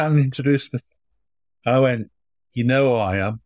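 A man, a charity foundation chief executive, telling stories in a relaxed interview and playing out children's voices as he goes. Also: medium pitch, normal speed, pauses often, dry recording, studio quality. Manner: anecdotal, acts out children's voices in his stories.

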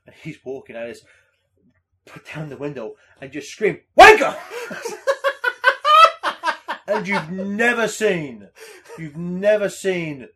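A young man hosting a casual podcast chat, swearing freely and breaking into loud mocking impressions. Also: fairly high pitch, expressive, a little slow. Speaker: podcast host.

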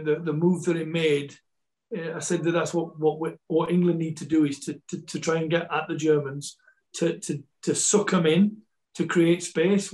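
A man's voice: on the high side, darkish tone, poor audio. Man with a Yorkshire Scottish accent. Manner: rambling with many repeats and restarts. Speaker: football coach and pundit guest. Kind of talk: casual chat, storytelling.

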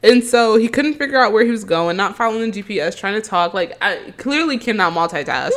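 Speaking a little fast at medium pitch, a young female podcast co-host recounts a dating story with casual energy, performing the quoted lines and laughing frequently.

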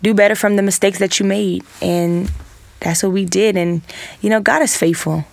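A woman in her twenties, an interview guest, speaking earnestly with a gravelly voice and many fillers. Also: mid-range voice, steady tone, moderate pace, a little mellow, no room sound. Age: 20s.

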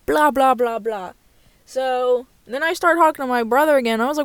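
Her voice sits high with lively intonation, paced moderately and free of room sound. The young vlogger tells a casual story from her car, speaking candidly, cursing freely, and leaning heavily on "like."

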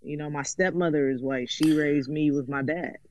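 A man's voice: on the high side, steady tone, moderate pace. A man from California, a guest in a casual conversation, explaining his views thoughtfully and often saying "you know". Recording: dull, dry, slightly lo-fi sound.

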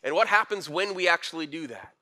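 A young man preaching a casual, conversational sermon with slang and animated asides. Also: on the high side, a little fast. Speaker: pastor.

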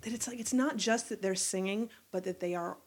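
Fast-talking woman in casual chat. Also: mid-range voice.

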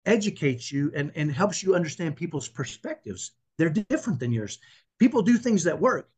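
Podcast guest: earnest, preacherly man with a high, husky voice. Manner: earnest, emphatic, preacherly, repeats himself. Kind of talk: conversational faith interview.

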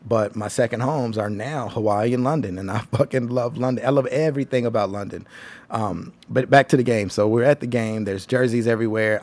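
A man's voice: on the low side, darkish tone. A young man from Tennessee with a Southern American accent, telling a rambling, casual travel story as a host, with frequent ums and swearing. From Tennessee, USA. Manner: laid-back, rambling, frequent ums and profanity. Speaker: podcast host.

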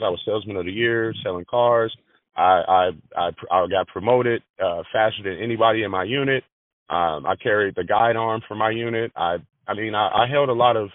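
A man's voice: on the low side, no room sound. A man in a conversational interview who repeats and restarts his phrases as he talks. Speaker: granite business manager. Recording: dry, tinny phone-like audio.

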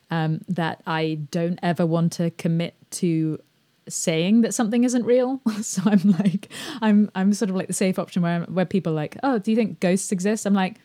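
A woman with a somewhat low voice hosts a relaxed podcast chat. She hesitates a lot, restarts her sentences and laughs easily. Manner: hesitant, laughs often, many fillers. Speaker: podcast host. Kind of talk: casual conversation.

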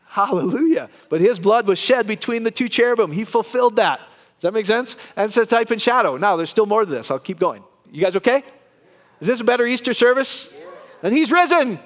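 A man preaching a sermon, animated and joking with his congregation. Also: high-pitched, a little fast. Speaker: pastor. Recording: long reverb of a church hall.

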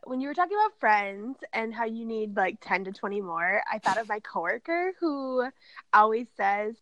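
A young woman in her twenties, co-hosting a podcast and chatting in a playful, animated way. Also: on the high side, normal speed, no echo, muffled recording. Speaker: podcast co-host. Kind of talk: casual chat.

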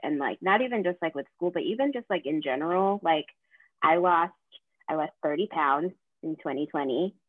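A young woman from the American South talks through a casual podcast chat, her voice sitting a little low. She strings her thoughts together with constant fillers and animated retold quotes. The sound is thin and phone-like, with no room around it. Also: normal speed, dry recording. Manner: chatty, fillers, lively retelling of quotes. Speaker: podcast co-host; counseling graduate student.

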